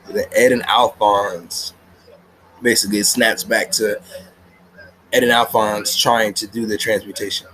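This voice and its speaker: A man's voice: on the low side, level tone, unhurried, pauses often, bright, forceful tone, low-quality recording. A man reviewing an anime episode in a casual, slangy, rambling way, laughing often, recorded at home with the TV on.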